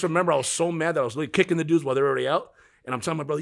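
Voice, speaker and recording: A middle-aged man, a music agent, telling stories in a casual interview, animated and swearing freely. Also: a little high, rapid-fire, gravelly.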